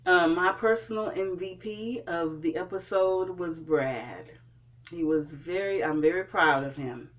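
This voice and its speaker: A vlogger recapping and reviewing a TV episode in a casual way, pausing often and restarting sentences. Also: medium pitch, a bit bright. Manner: hesitant, with frequent fillers and restarts. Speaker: TV show reviewer.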